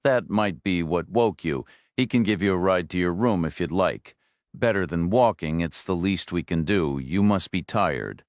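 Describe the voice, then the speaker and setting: Brief: man playing a courteous motel owner, low and measured. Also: expressive, dry recording, clean studio sound.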